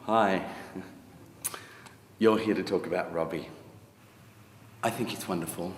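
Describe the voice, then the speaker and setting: Man as a gushing soft-spoken choreographer, echoey hall. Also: fairly low pitch, slight background noise. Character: gushing devoted choreographer, effusive. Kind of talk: mockumentary interview acting.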